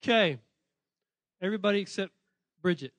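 Speaking at a brisk clip, a pastor with a strikingly high male voice delivers a lively sermon to children and students. He's playful, addresses his listeners directly, and keeps correcting himself mid-sentence. The recording is close and dry, with no room echo.

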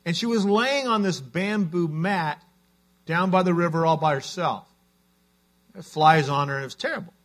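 A man's voice: a little high, moderate pace, a bit bright. A man preaching a sermon as a pastor, telling stories in an earnest way.

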